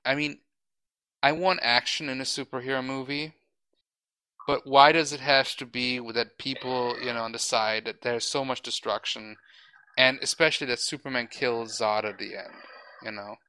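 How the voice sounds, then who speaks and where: Bright, crisp-voiced man ranting casually. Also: medium pitch, steady tone, normal speed, low-quality recording. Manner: rambling, opinionated, frequent restarts; swears casually. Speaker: podcast host. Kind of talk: casual chat.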